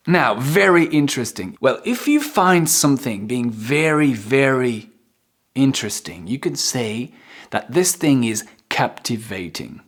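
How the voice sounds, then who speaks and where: A man teaching English vocabulary, repeating and stretching key words for emphasis in a playful, expressive way. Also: mid-range voice, measured pace, breathy edge. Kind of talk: vocabulary lesson.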